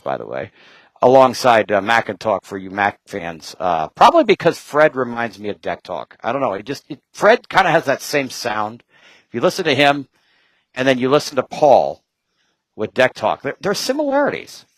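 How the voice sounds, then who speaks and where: A man talking as a guest in casual chat, rambling from point to point with quick asides and jokes. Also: medium pitch, very animated, no room sound, rough recording.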